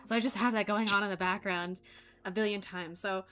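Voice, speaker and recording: A woman's voice: mid-range voice, fairly even intonation, a little fast, a bit bright. A woman chatting casually with fellow voice actors on a voice call, gushing with praise and full of fillers. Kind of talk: casual chat among voice actors.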